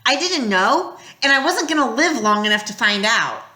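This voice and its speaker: Woman reading a story aloud, lively ups and downs, bright voice, a bit echoey. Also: fairly high pitch, moderate pace. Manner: expressive storytelling, drops quiet at tense moments. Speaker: audiobook reader. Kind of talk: first-person novel narration.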